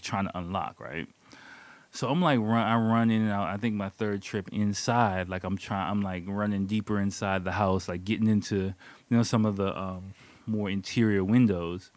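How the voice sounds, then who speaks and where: A man's voice: low voice, no room sound. A man casually telling a personal story, loose and profane, often laughing as he talks. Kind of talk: casual spoken anecdote.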